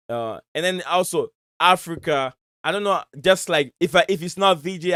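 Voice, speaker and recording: Male stream host, loose rambling talk; smooth, dry close sound. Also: on the high side, fairly bright tone, no room sound. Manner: rambling, searching for words. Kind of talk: casual chat on a live stream. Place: home in Michigan.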